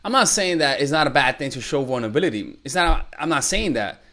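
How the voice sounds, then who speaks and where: A man's voice: a little high, fast talker. A young man coaching women on dating, talking bluntly and with profanity, acting out bits of dialogue. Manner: blunt, profane, animated, acts out quoted dialogue. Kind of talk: direct-to-camera advice talk.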